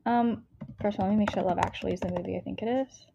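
A young American woman co-hosts a book podcast, rambling through a casual book review chat full of fillers and self-interruptions. Her mid-range, gravelly voice is very fast and fairly even in intonation. The sound is dull, with background noise.

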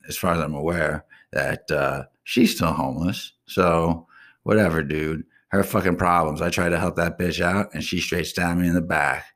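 Young South Florida man, very deep voice, crude and profane host rant. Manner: crude, blunt, swearing constantly. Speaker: radio show host. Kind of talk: profane ranting monologue.

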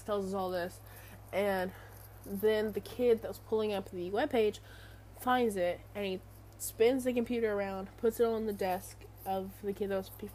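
A woman's voice: mid-range voice, a little mellow, slight background noise. A young adult woman telling a casual story in a rambling, chatty way full of fillers. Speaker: vlogger.

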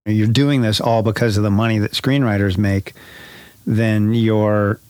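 A man with a fairly low voice thinks aloud in a casual podcast chat. He wanders through his points and corrects himself as he goes. The sound is dry and close to the mic. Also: fairly even intonation, measured pace, warm tone, no echo. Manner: thoughtful, rambling, self-correcting. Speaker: podcast co-host.

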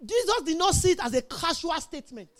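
A middle-aged woman preaches with a strikingly high voice. She stresses her points and keeps checking in with the congregation, asking if they are with her. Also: sing-song, quick pace. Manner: emphatic, call-and-response with congregation. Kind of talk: sermon.

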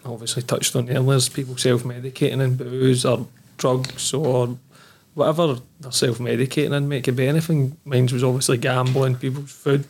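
A man hosts a casual podcast in a gravelly voice of middling pitch. His tone is husky and rough. He chats easily, swears, and ends lines with "innit" and "mate". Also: little pitch movement, brisk, darkish tone. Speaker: podcast host.

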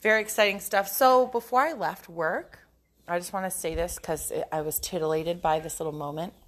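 A young adult woman with a lowish voice hosts a casual solo podcast at normal speed. She talks frankly and profanely, often breaking into giggles.

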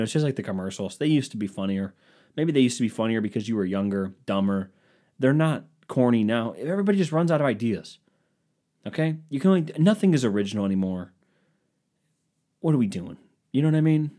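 A man's voice: medium pitch, darkish tone. A young man hosting a solo podcast, ranting in a sarcastic, self-mocking, rambling way. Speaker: podcast host. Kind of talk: solo comedic podcast rant.

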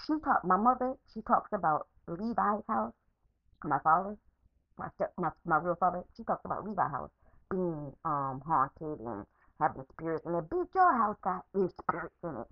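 A woman's voice: lowish voice, expressive, normal speed, no echo, lo-fi sound. A woman podcaster in an angry, unscripted rant, swearing heavily and repeating herself, recorded as a phone voice message. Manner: profane, repetitive, heated.

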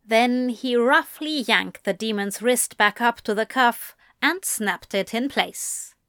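A woman reads fan fiction aloud in an even storytelling voice. Her pace is slow and deliberate. The recording is dry and close, with no room sound. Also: fairly high pitch, dry recording. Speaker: narrator.

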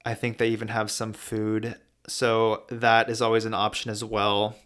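A man narrating a casual travel vlog, chatty and relaxed, sometimes stopping to spell out place names letter by letter. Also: lowish voice, moderate pace. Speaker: travel vlogger.

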